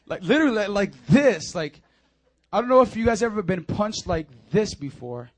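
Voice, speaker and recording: A young man preaches a sermon in a church, his voice sitting high for a man. He surges into loud, urgent appeals, then drops into quiet, confiding asides as he tells his own story. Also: animated, moderate pace, no echo. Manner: impassioned preaching, swinging between loud urging and low confiding asides. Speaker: pastor. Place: church sanctuary.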